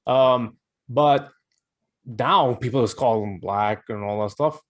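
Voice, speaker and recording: A man co-hosting a podcast, telling stories in a halting, hesitant way with many fillers. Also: mid-range voice. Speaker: podcast co-host. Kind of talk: casual political chat.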